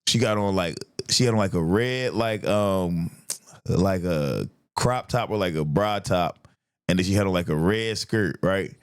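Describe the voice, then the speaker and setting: A young man hosting a casual chat, telling a story animatedly and jumping high to act out his friends. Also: unhurried, clean tone. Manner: animated, acts out friends' voices in a high pitch. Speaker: podcast host.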